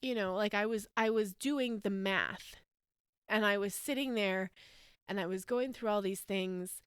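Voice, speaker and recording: Woman in her 30s from the us rambling candidly about her life, smooth voice, dry close sound. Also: medium pitch, unhurried, no echo. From United States. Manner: candid, rambling, emotional, with frequent fillers and laughs. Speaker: podcast host. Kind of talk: personal storytelling monologue.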